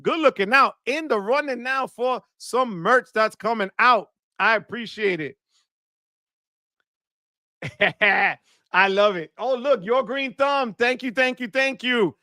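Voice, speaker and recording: Bright, high-voiced excited stream host. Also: male voice, takes it slowly, no echo, studio quality. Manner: enthusiastic, shouts "wepa" often. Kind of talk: live stream super chat shout-outs.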